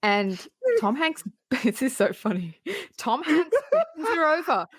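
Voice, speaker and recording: A woman's voice: high voice, measured pace, breathy edge, no room sound. Laughing woman retelling a film. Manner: animated retelling, laughing, acting out quotes. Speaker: podcast co-host. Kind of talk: casual film recap chat.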